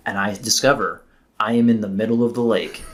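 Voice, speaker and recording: A man hosting a podcast, talking in relaxed, easygoing conversation. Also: on the low side, a little fast. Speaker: podcast host. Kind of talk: casual conversation.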